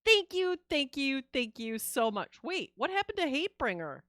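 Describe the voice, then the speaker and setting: A woman's voice: high voice, big pitch swings, normal speed, a bit bright, no echo, studio quality. A woman streaming a game live, chatting casually and expressively with her viewers and reacting with laughs and sighs. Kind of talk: casual live-stream chat while gaming.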